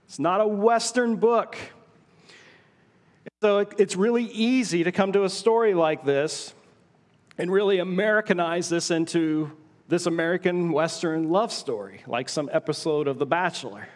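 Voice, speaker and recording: High-voiced preacher in a reverberant church hall. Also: male voice. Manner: storytelling preacher, dramatic pauses, voices inner thoughts. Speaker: pastor. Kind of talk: sermon. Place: church auditorium.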